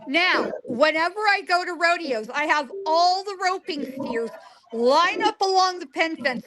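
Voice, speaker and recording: A woman's voice: very high voice, a little slow, poor audio. A woman in her forties telling stories emphatically as an interview guest, acting out animals' lines. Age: 40s. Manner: emphatic, lively, acts out animals' lines in quotes. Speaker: guest psychic. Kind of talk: animated storytelling in a remote interview. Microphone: remote call line.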